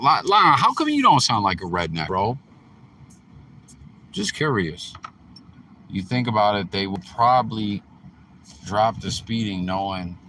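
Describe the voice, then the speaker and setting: A low, bright-toned man riffs on a video in loose, profanity-laced commentary. He rambles and talks straight to his audience like a friend, with a faint hiss behind him. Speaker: host. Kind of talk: casual reaction commentary.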